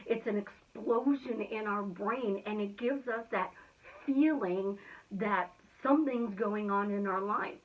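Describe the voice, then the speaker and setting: A woman's voice: mid-range voice, slow pace. Emphatic woman, tinny phone-like sound. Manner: energetic, emphatic, chatty. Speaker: motivational speaker. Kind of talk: motivational talk.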